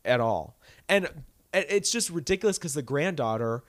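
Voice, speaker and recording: A man's voice: on the high side, lively intonation, normal speed, dry recording. A man co-hosting a podcast, chatting casually and ranting with indignation. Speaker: podcast co-host. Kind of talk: casual chat.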